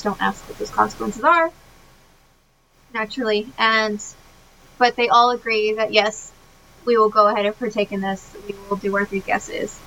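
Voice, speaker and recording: Woman podcast co-host, bright and slightly high voice, chatty recap. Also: a little hiss or hum, low-quality recording. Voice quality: animated, many fillers, laughs often. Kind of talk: casual film recap chat.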